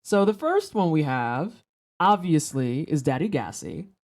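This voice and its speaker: Swearing joking streamer chatting with viewers while playing, middle pitch. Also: very animated, unhurried, a little mellow. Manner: profane, joking, talks to chat. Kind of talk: casual livestream chat while gaming.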